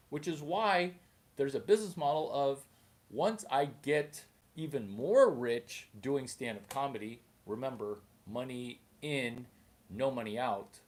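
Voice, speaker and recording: A man, a stand-up comedian, rambling through a comedic monologue in an animated, jumpy way. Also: medium pitch.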